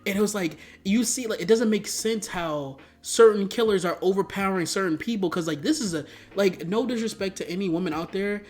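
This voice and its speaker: A man reviewing movies in a casual rant. He swears a lot, rambles, and breaks into sudden loud outbursts. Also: sits high, fairly quick, hardly any pauses.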